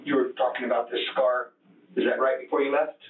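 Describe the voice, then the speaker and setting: A male detective fires off brisk, probing questions in a police interview, talking fast. He sounds distant and roomy on a thin, phone-like archive recording. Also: mid-range voice, flat delivery.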